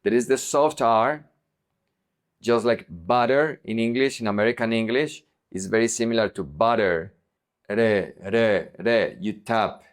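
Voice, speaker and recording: A man's voice: medium pitch, moderate pace, clean tone. A man teaching a pronunciation lesson, saying each word twice and then giving its meaning. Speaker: Spanish teacher.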